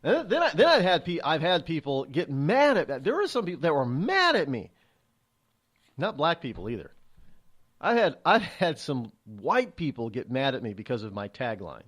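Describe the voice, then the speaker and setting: At normal speed and a slightly high pitch, a middle-aged radio talk show host delivers his opinionated monologue. He's sarcastic and animated, putting on the voices of others.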